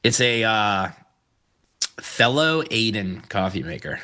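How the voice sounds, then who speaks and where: A man's voice: on the low side, slow. A man co-hosting a casual live trading show, joking around and talking about his hobbies, and a bit stuffed up. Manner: playful and joking, excitable asides. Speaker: co-host.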